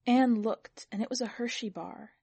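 A woman editor reading a short story aloud in even, measured narration. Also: a little high, gravelly, husky, no room sound. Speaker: podcast editor and story reader. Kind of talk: scripted narration.

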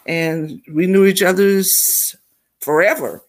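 A middle-aged woman, co-hosting a casual family podcast and telling stories with lively voices. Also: on the low side, takes it slowly. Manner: animated storyteller, acts out voices in anecdotes. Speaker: co-host.

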